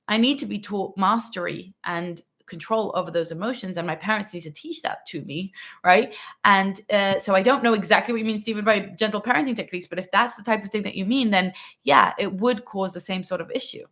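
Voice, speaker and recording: A parenting-channel host responds to a viewer question in a casual, emphatic monologue, regularly checking in with "right?" and "okay." Her medium-pitched voice has a fairly bright tone, and she mimics quoted parents with little voices.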